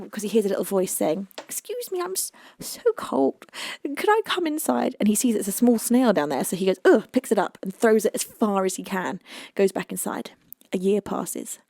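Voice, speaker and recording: A woman's voice: mid-range voice, warm tone, dry recording, studio quality. A British woman hosting a music live stream, chatting casually and reading viewer comments, giggly and playful.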